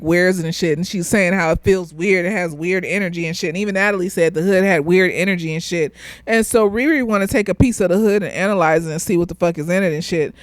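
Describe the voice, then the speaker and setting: A woman's voice: mid-range voice, no room sound. Tipsy woman rambling a show review. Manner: loose, rambling, swears freely, laughs often. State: slightly tipsy.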